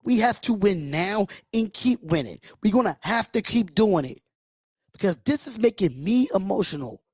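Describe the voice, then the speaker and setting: A man's voice: high voice, sing-song, normal speed, husky, no echo, studio quality. Impassioned man hosting a fan livestream. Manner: impassioned, blunt, swears freely. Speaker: livestream host. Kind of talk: emotional fan reaction livestream.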